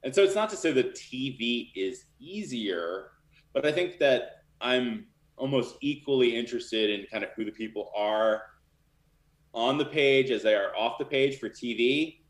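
A man's voice: mid-range voice, expressive, unhurried, reverberant. A man talking casually and candidly as a guest in an interview, with lots of fillers. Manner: loose and candid, many fillers. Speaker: literary manager.

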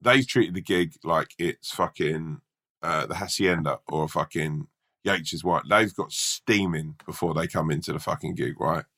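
A hungover male stand-up comedian from Britain, telling a sweary, animated anecdote in casual chat. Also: extremely low pitch, unhurried.

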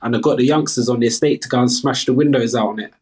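A man with a South London accent talks as an interview guest. He speaks earnestly and openly in easy, chatty sentences. His voice sits at an everyday middle pitch for a man in his thirties. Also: steady tone, very fast, darkish tone. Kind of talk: casual interview chat.

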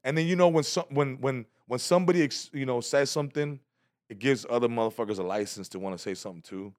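A man telling a stand-up comedy story in a casual podcast interview, slangy and animated, acting out other people's quotes. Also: mid-range voice, fast, dry recording, clean studio sound. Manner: animated, slangy, acts out quotes with big loud jumps. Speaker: comedian guest.

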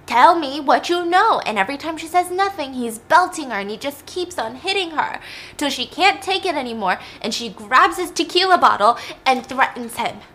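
A young woman with a bright, fairly high voice chats through a film retelling. She talks casually, full of asides. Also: expressive, moderate pace. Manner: chatty, uses like and you know. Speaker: storyteller.

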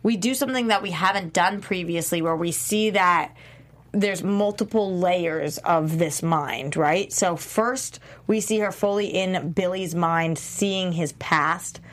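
Low-voiced woman host asking questions. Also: unhurried. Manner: leads discussion, asks co-hosts questions. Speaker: podcast host. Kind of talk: casual discussion of a TV show.

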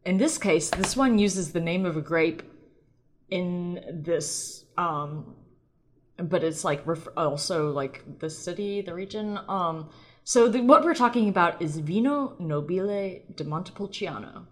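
A woman's voice: lowish voice, animated, a little slow. A woman hosting her own podcast in a rambling, playful, self-deprecating chat. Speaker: podcast host. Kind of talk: casual solo podcast chat.

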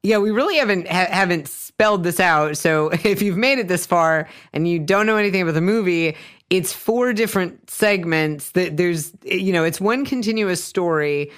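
Smooth-voiced podcaster musing on a film. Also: mid-range voice, normal speed, fairly bright tone. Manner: hesitant, filler-heavy, enthusiastic. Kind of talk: casual film discussion.

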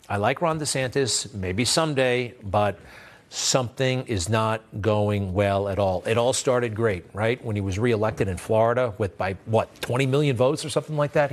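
A man hosting a news show, giving blunt, sarcastic political commentary in a conversational way. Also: mid-range voice. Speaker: host.

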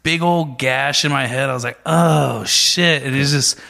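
Man spinning a profane, animated story in casual chat, voicing the people in it. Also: medium pitch, a little slow, creaky. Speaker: guest telling a story.

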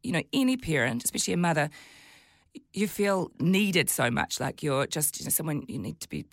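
Kiwi woman guest, forties, husky-edged low voice, lively retelling, dry studio sound. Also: fairly quick, no room sound. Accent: New Zealand. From New Zealand. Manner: animated storytelling, jumps high when quoting herself. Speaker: guest, TV presenter and mother of twins. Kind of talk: candid interview chat.

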